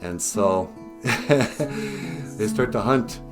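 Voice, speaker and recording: A man's voice: mid-range voice, sing-song, extremely slow, loud music behind the voice. A man from an Ojibwe community retelling a story in a loose, chatty, joking way with laughing asides. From Ojibwe community, North America. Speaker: storyteller, host. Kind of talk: comic storytelling.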